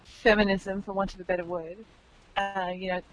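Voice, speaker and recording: A woman's voice: mid-range voice, little pitch movement, moderate pace, a little hiss or hum, low-quality recording. A woman in casual podcast chat, thoughtful and rambling with many fillers.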